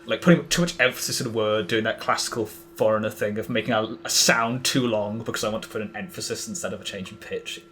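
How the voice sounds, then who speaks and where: A man's voice: lowish voice, fairly even intonation, quick pace, hardly any pauses, fairly bright tone, a little hiss or hum. A young man talking as a podcast guest, hesitant and casual, full of fillers and restarts. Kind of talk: casual conversational interview.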